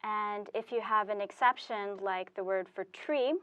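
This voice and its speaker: A woman's voice: mid-range voice, a bit bright, smooth, lo-fi sound. A woman teaching Spanish, explaining step by step with fillers as she writes on a board. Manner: slow, deliberate explaining with fillers. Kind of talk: classroom explanation at a whiteboard.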